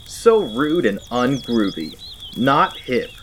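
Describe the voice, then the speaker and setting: A woman's voice: a bass voice, very animated, slow, slight background noise, full character voice. A woman playing a laid-back radio DJ who talks in groovy hippie slang, in a comedy audio sketch.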